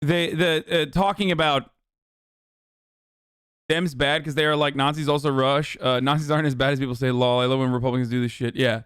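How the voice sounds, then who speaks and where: A man's voice: mid-range voice, flat delivery, a little fast, a bit bright, clean tone, no echo, clean studio sound. A young man streaming, giving profane and sarcastic commentary on a radio clip he is reacting to. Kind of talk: casual livestream commentary.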